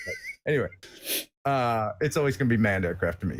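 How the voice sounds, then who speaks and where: A man's voice: on the low side, animated, brisk, a little hiss or hum. An American man chatting casually as a guest on a live stream, rambling and joking with lots of filler words.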